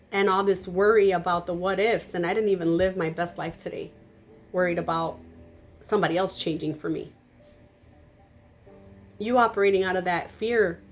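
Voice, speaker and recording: A woman giving a tarot reading to camera, blunt and emphatic, naturally loud, with casual swearing. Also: mid-range voice, a little hiss or hum. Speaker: tarot reader.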